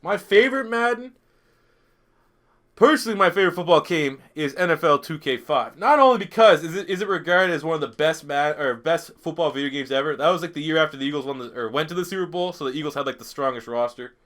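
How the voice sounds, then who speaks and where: Young man, fairly high, sharp voice; crude, profane gameplay streamer. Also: fast talker, few pauses. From Canada. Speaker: gaming streamer. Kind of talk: live gameplay commentary reading chat.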